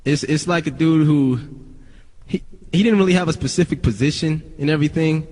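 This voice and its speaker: A man's voice: on the high side, fairly quick, darkish tone, big-room sound. A young man, a rapper, telling stories casually to friends, swearing often and rambling with many restarts.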